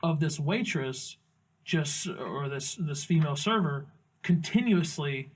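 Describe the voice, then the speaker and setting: A man's voice: on the high side, animated, unhurried. A young man, casually telling a rambling, profane restaurant story as a comedy podcast co-host. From Augusta, Georgia, US. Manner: rambling storyteller, swears freely, acts out quotes.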